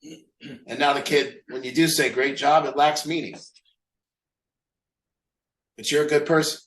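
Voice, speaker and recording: A man's voice: on the high side, fairly even intonation, unhurried, a bit bright, roomy sound, poor audio. A man leading a recovery group, talking candidly and mocking himself, asking rhetorical questions. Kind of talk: group talk on a call.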